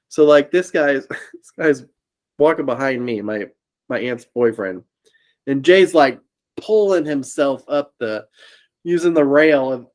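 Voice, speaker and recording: With a medium pitch and measured pace, an Indiana man co-hosting a podcast relates a story in easy chat. He keeps laughing through his own tale and acts out its characters.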